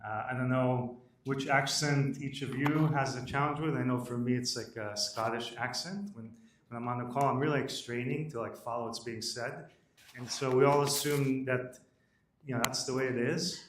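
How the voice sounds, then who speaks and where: A man pitches his startup live at an event, brisk and matter-of-fact. He is picked up from across an echoing room. He leans on "uh" as he moves between points. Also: steady tone, a little hiss or hum. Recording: roomy audio from a distance.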